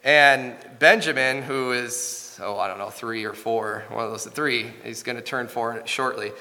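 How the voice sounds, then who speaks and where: A man in his thirties preaches a sermon, telling a family story earnestly but haltingly, with frequent restarts. His mid-range voice sounds pushed and bright, trailing off into a long reverb tail.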